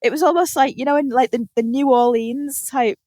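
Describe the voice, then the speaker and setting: A British woman hosting a podcast, telling animated stories in casual chat, laughing often and swearing casually. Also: high-pitched, brisk, no room sound. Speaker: podcast host.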